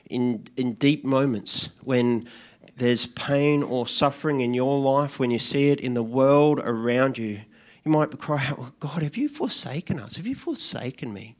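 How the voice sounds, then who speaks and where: A pastor, giving a conversational sermon that drops to a hushed, quiet voice for reflective questions. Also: male voice, mid-range voice.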